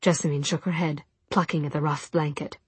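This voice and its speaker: A woman narrating an audiobook in soft, measured storytelling with a breathy voice. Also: low-pitched, steady tone, dry recording. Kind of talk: scripted narration.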